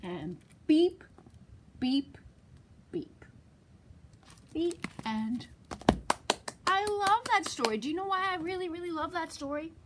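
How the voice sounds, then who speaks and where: A woman's voice: very high voice, moderate pace, noisy background. A woman librarian reading a picture book aloud to young children, sing-song and asking them questions. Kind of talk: storytime read-aloud.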